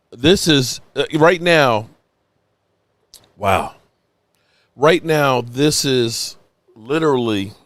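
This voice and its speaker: A man hosting a sports channel, reacting live on a stream, tipsy from rum and rambling in an excited, emotional way with plenty of swearing. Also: medium pitch, no echo.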